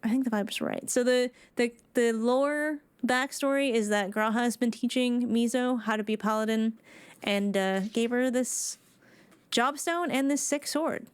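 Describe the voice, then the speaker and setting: Woman game streamer, playful and chatty, fairly high voice, dry close sound. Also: normal speed, clear, resonant tone, no room sound. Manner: chatty, playful, with slang and nervous asides. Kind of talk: casual gameplay commentary.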